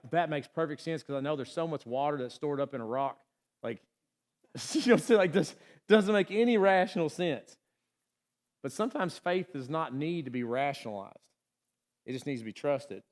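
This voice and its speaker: A man preaching a sermon in a conversational way, often checking in with the congregation and acting out the voices in the story. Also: mid-range voice. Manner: conversational, asks the room "right?" often; acts out quoted voices. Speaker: pastor. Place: church.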